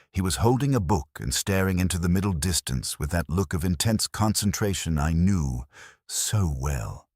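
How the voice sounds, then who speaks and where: A very deep, husky male voice reads first-person mystery narration. He is measured and wry, with period-formal phrasing and a lively rise and fall in his pitch. The sound is dry and close. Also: dry recording.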